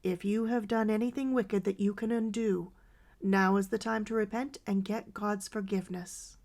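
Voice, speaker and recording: A woman's voice: mid-range voice, steady tone, moderate pace, vocal fry, darkish tone, natural voice. A woman voicing a devout, kindly woman who prays with a dying lodger and then urges her to tell the truth. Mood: soothing. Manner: soothing, earnest, then curious. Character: pious, kindly older woman keeping a boarding house.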